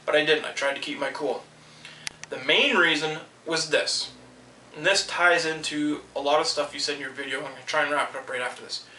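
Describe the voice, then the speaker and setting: A man's voice: a little high, steady tone, a little fast, bright, forceful tone, reverberant, distant mic, a little hiss or hum, poor audio. A man venting in a heated, swearing rant about being let go from his job. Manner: heated, swearing, quotes people in raised voices. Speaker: vlogger. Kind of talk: angry personal rant.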